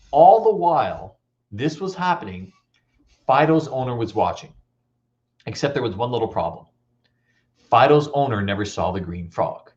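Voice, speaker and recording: A man giving a motivational talk at a school assembly, telling stories and quizzing the audience. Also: mid-range voice. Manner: animated, storytelling, audience questions. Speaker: motivational speaker. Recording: dull lo-fi recording.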